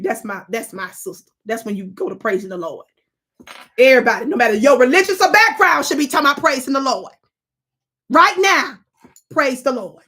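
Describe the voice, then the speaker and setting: A woman hosting a live stream, reading history aloud and calling out to her chat in an animated, preachy way. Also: on the high side, breathy edge. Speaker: livestream host.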